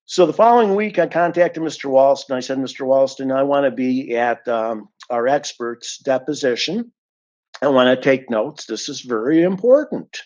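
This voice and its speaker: A man's voice: mid-range voice, lively intonation, normal speed, a little mellow, dull audio. A man giving an indignant, emphatic account of a complaint as an unhappy client, stressing and repeating his points. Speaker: dissatisfied client giving a review.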